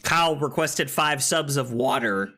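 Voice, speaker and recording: Over background music, a tipsy man streams a card game, chatting casually with his audience through a streaming microphone. His voice is medium-pitched and measured as he jokes, laughs and swears with his chat.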